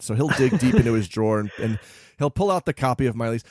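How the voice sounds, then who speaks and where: Animated, excitable man telling a story. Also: on the high side, quick pace, dry recording, studio quality. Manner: animated storyteller, acting out quoted people; says he is loud and over-caffeinated. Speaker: podcast co-host and bar owner. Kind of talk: casual chat.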